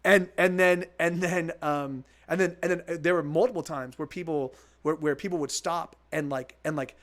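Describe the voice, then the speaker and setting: High-voiced man rambling to stream viewers. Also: steady tone, normal speed, a bit bright. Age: 40s. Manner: rambling, full of restarts and repeats; candid, swears freely. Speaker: musician streaming live. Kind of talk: casual chat with stream viewers.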